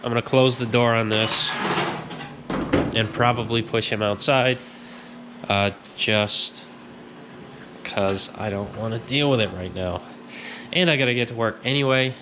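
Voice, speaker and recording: A man's voice: mid-range voice, a little slow, long pauses, noisy background. A man hosting a garage vlog, with a stuffed-up nose, telling a story in a chatty way and acting out his own reactions. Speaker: garage host. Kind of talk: casual workshop vlog.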